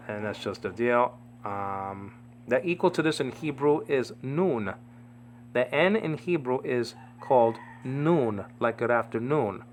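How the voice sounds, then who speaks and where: Guy teaching greek letters, rambly, keeps saying okay, low voice, faint hum. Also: a bit bright. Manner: rambling, repeats "okay?" and "you understand what I mean?". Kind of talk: informal Bible Greek lesson.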